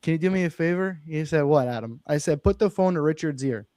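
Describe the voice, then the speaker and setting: Fast and warm, with a voice on the high side, a young man who invests in real estate shares a personal story on a podcast, recorded at studio quality without echo. He is earnest and emphatic, swearing the story is true.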